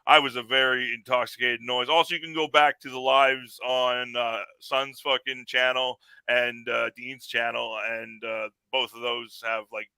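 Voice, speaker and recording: Canadian male podcast host, very bright tone, dry close sound, profane and laughing, rambling storyteller. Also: mid-range voice, little pitch movement, a little slow, hardly any pauses, clear, resonant tone, no room sound, low-quality recording. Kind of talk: casual podcast chat.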